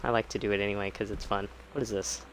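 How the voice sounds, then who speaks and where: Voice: low-pitched, level tone, fast, fairly bright tone, slight background noise, rough recording. A game streamer making casual, self-deprecating, half-mumbled asides between readings. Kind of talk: casual gameplay commentary.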